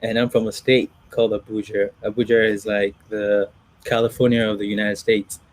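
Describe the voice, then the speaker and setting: A man from Nigeria, a singer and model, chatting in a relaxed, friendly way as a guest on a video call. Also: lowish voice, normal speed, dry recording. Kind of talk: casual interview.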